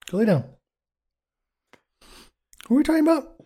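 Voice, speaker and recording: A man's voice: very high voice, sing-song, measured pace, mellow, slight background noise. Rambling, foul-mouthed male podcast co-host. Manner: swears freely, jokey and rambling. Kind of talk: casual chat, reviewing a TV episode.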